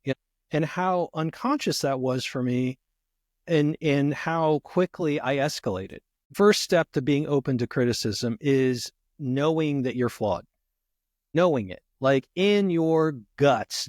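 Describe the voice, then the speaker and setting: A man's voice: mid-range voice, measured pace, darkish tone, no room sound. Reflective man, dry close sound. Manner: reflective, uses many "you know" fillers. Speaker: guest therapist. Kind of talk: conversational podcast interview.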